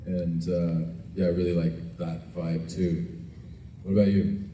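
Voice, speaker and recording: A man's voice: low voice, level tone, measured pace, mellow. A man answering fan questions at a convention panel in a casual, joking, laid-back way, rambling a little. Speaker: guest actor at fan panel. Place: large indoor convention hall. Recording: echoey convention hall, distant mic, noise.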